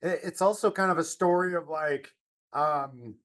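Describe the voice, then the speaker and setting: A man's voice: fairly high pitch, measured pace, a bit bright. A man hosting a podcast, talking in a reflective, encouraging way with many fillers. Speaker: podcast host. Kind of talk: casual conversation.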